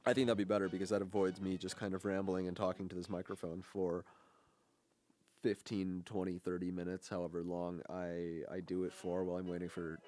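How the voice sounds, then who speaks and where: A man's voice: sits low, little pitch movement, a little fast, a little mellow, faint music behind. A young man hosting a college radio show, chatting casually and rambling with lots of fillers and restarts. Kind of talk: casual on-air chat.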